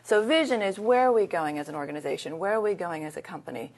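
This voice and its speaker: A woman's voice: fairly low pitch, fast talker. A middle-aged woman as an interview guest, talking in a candid, anecdotal, conversational way. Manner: candid, anecdotal, lively retelling. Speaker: interview guest, leadership consultant. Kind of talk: conversational storytelling.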